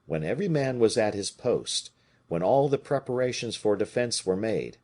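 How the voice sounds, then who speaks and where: A man reading a classic novel aloud as an audiobook narrator, in a lively, expressive way. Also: fairly low pitch, normal speed. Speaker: audiobook reader.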